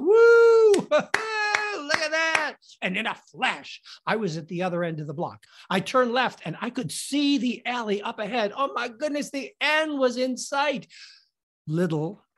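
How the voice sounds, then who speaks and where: A middle-aged man hosting a podcast, telling a funny personal story in a theatrical, animated way. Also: sits high. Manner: animated, theatrical, acts out scenes.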